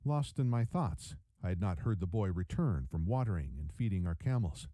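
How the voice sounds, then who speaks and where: A man giving scripted narration for a game cutscene, telling the story as a father in a measured storyteller's manner. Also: no room sound, rough recording. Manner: measured storytelling with lively pitch.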